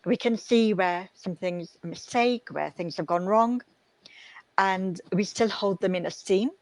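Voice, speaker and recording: A woman's voice: mid-range voice, a little slow, no room sound, poor audio. A woman guest who coaches parents, explaining her ideas in a thoughtful, casual interview.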